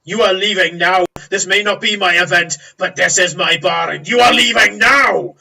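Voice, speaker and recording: A man doing a gruff dwarf barkeep who gives forceful, clipped orders. His voice is bright and tense. It sounds a little off-mic. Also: fairly high pitch, monotone, normal speed, lightly acted. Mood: commanding. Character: gruff male dwarf bar owner, commanding. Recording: voice a bit far from mic.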